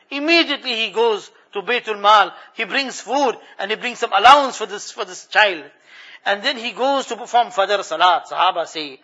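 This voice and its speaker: High bright-voiced male preacher. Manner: animated narration, shifting volume. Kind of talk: sermon storytelling. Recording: muffled lo-fi recording.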